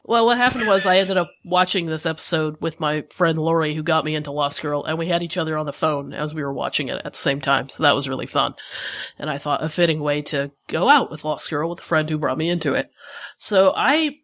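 A woman's voice: sits low, brisk. A woman co-hosting a casual podcast chat, effusive and emotional as she tells how she felt. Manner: effusive, emotional, animated storytelling. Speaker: podcast co-host.

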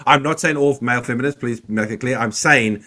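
A man's voice: medium pitch, fairly quick, bright, forceful tone. A man co-hosting a casual podcast, giving opinions emphatically and repeating words while searching for them. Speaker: podcast co-host. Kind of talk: casual chat.

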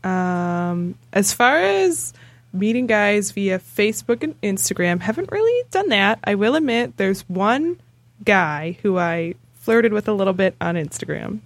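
A woman's voice: medium pitch, sing-song, measured pace, no echo. A woman guest in a casual chat, speaking hesitantly with ums and self-deprecating humor.

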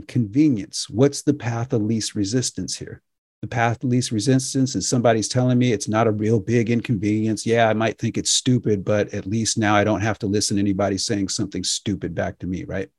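A man's voice: mid-range voice, dark tone, no echo, clean studio sound. A middle-aged man hosting a radio show, talking casually and with indignation, often tossing in "right?". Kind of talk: casual monologue.

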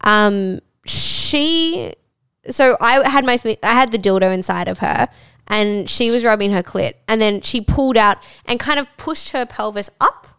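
A woman's voice: on the high side, lively intonation, unhurried, a bit bright, smooth, no room sound, studio quality. Frank, giggly Australian woman. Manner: frank, giggly, acts out quoted lines. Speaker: podcast co-host. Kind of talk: casual podcast chat.

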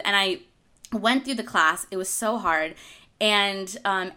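A woman telling a personal story in a casual, animated way, often laughing as she talks. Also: mid-range voice, moderate pace. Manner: animated, laughing through anecdotes. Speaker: author and guest speaker.

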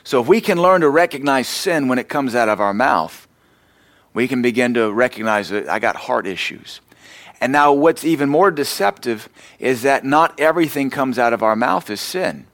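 Male pastor, middle pitch, conversational teaching sermon, dry close recording. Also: lively intonation, normal speed, fairly bright tone, no room sound. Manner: conversational preaching with self-deprecating stories.

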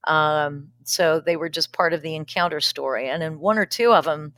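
Frank, low-voiced woman telling her story. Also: moderate pace, fairly bright tone, no echo, clean studio sound. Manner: frank and plainspoken, with wry humor. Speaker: pastor, guest. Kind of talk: candid personal storytelling in a podcast interview.

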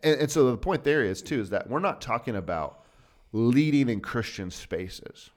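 A man's voice: mid-range voice, animated, moderate pace, darkish tone. A man co-hosting a casual podcast chat on Christian leadership, earnest, laughing easily and restarting his sentences. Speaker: podcast co-host.

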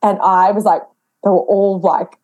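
A young pregnant woman telling stories as a podcast guest in a casual, animated way, acting out her own past dialogue. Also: medium pitch, normal speed. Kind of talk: casual interview chat.

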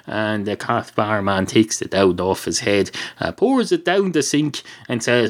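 An Irish man hosting a podcast, telling a rambling comic story in a deadpan manner. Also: on the low side, normal speed. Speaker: podcast host.

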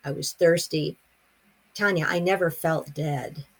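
A middle-aged woman from California, telling an interviewer a personal story in a halting way, with frequent restarts and fillers. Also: low-pitched, slightly rough. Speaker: guest telling her near-death experience.

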